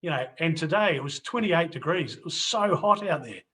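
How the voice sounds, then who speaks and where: Fairly quick and lively in intonation, this middle-aged host has a high-leaning, fairly bright voice. He rambles through a casual video interview and a wrap-up to viewers, often restarting and repeating himself.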